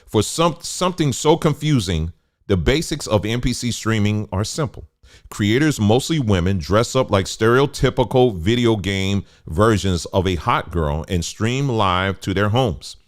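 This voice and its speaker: Low-voiced man reading with heated asides. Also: lively intonation, unhurried. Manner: conversational, stops to add remarks, gets heated. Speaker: commentary host. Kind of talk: reading an article aloud with commentary.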